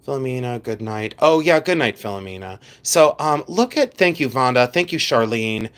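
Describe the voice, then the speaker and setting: A man's voice: mid-range voice, big pitch swings, normal speed, a bit bright. A chatty man hosting a live jewelry stream from his second house, reading viewer comments aloud and teasing people with lots of giggles.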